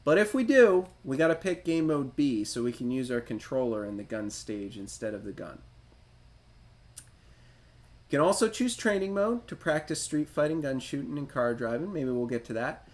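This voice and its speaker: A man's voice: mid-range voice, big pitch swings, moderate pace. A man hosting a retro gaming livestream, reading a game manual aloud and riffing on it in a chatty, self-deprecating way. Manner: chatty, self-deprecating, reads instructions then riffs on them.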